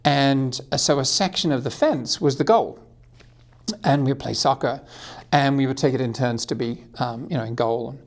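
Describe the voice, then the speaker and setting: A man from England, a guest author telling a rambling, self-mocking story in a community TV studio. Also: mid-range voice. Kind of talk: casual storytelling and singing.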